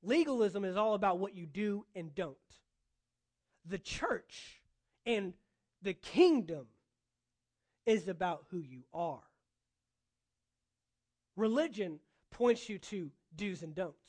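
Male pastor, high voice, preaching with punchy repetition. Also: expressive, slow pace, long pauses, darkish tone. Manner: emphatic, repeating phrases for effect. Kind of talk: sermon.

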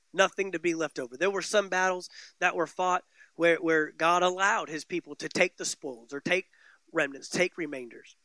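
A male pastor delivers a sermon in a high, bright voice, hammering home repeated phrases. His delivery swings from forceful peaks to hushed low lines, captured dry and close with no room echo. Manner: emphatic preaching, repeating phrases with rising and falling intensity.

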